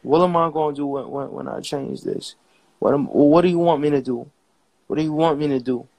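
A man's voice: on the high side, a little fast, vocal fry, darkish tone, dry recording, rough recording. A young man hosting a livestream, arguing heatedly and pleading, repeating himself. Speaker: livestream host. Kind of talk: livestream argument.

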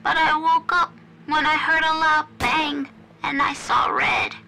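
A woman voicing a frightened three-year-old ghost girl in a horror story, speaking slowly in a small childlike voice. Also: high-pitched, sing-song, creaky, background noise, full character voice. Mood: scared.

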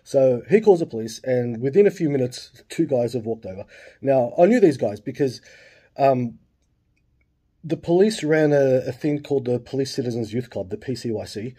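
A husky Australian man in his late forties spins a rambling story, with plenty of swearing and side remarks. His voice is very dark and mellow. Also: mid-range voice, expressive, normal speed. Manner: swears freely, lots of asides and fillers. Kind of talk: casual storytelling.

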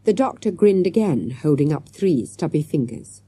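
A woman narrating a children's storybook in a measured, expressive reading. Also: deep voice, husky, no room sound. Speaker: audiobook narrator.

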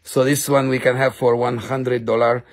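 A man's voice: mid-range voice, little pitch movement, moderate pace, gravelly, voice pushed down. A man putting on a pushy gem seller who haggles in clipped broken English during a live-stream sale. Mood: hard-selling. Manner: hard-sell patter in clipped broken English. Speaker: host of a live crystal sale. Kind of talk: live-stream sales comedy.

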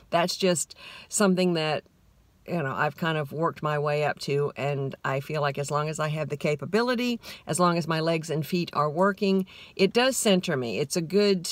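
A woman's voice: sits low, dry recording. A middle-aged woman hosting a podcast, rambling through a casual, self-deprecating monologue. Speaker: podcast host.

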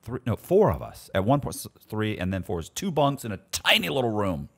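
Lively low-voiced man telling stories. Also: a little fast, slightly rough. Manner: animated, self-interrupting, restarts sentences. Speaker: guest storyteller. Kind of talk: casual storytelling chat.

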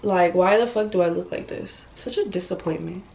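A woman's voice: on the low side, moderate pace, gravelly, darkish tone, lo-fi sound. Young woman, casual makeup vlog, blunt and chatty, swears a lot, bedroom camera. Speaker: beauty vlogger. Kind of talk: casual get-ready-with-me chat. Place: her bedroom at home.

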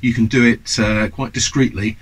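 A UK man in his fifties teaches guitar to camera in a chatty, enthusiastic, casual way, with many ums and side remarks. His mid-range voice holds a steady tone at a moderate pace. The recording is low quality, with slight background noise.

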